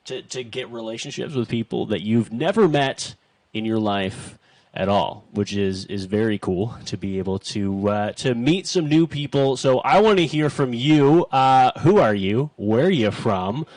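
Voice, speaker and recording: A man's voice: mid-range voice, a little slow, a little mellow, no echo, distant mic. A man hosting his first live stream from a home studio, chatty, self-deprecating and a bit nervous. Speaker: host. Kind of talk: casual live stream chat.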